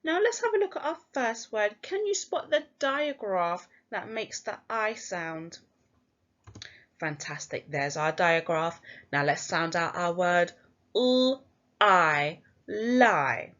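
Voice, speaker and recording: A woman teacher with an English accent leads a phonics lesson for young children, slowly sounding out letters and praising them in an encouraging, sing-song way. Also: fairly low pitch, animated, a bit bright, lo-fi sound. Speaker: primary school teacher.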